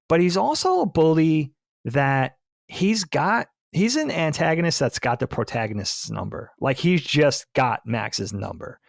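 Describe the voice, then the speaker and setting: A man with a gravelly, creaky voice talks in a lively, animated way on a podcast about movies. His pitch swings widely as he gets excited, and the sound is dry and close to the mic. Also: dry recording. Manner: animated, enthusiastic, laughs often. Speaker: podcast co-host. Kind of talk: casual podcast film discussion.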